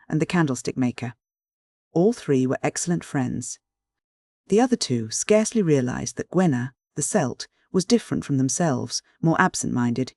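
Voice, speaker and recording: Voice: mid-range voice, a little mellow, no echo. Dry, close audiobook narrator. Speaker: audiobook reader.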